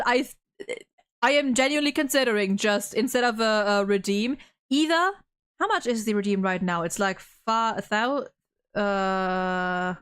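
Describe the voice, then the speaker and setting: A woman's voice: fairly high pitch, fairly bright tone, clean tone. A woman streamer chatting casually from her room, rambling with many restarts and stalls. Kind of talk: casual live-stream chat. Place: home room. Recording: game music playing behind.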